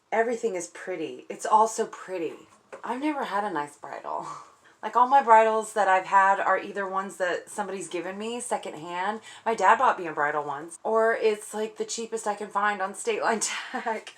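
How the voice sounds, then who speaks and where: Gushing woman with a drawl. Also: mid-range voice. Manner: gushing, emotional, self-deprecating. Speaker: vlogger. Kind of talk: excited unboxing vlog. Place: home indoors.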